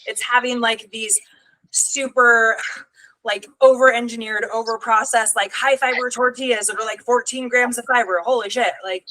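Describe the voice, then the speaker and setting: A woman's voice: a little high, steady tone, moderate pace, bright, forceful tone, low-quality recording. Blunt, casual woman nutrition coach. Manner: blunt, swears casually, rallying tone. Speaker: nutrition coach, live stream host. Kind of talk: casual live stream chat.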